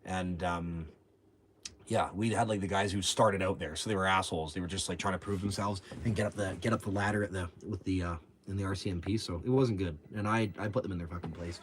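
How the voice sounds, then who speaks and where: A man's voice: deep voice, steady tone, brisk, slight background noise. A man, telling stories in a brash, profane, rambling way on his livestream. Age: 40s. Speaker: livestream host. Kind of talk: casual storytelling chat.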